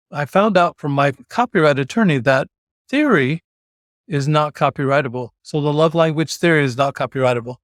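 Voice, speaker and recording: A man's voice: on the high side, brisk, no room sound, clean studio sound. Man telling a personal story as a guest. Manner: animated, slips into mock voices and quoted lines. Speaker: podcast guest.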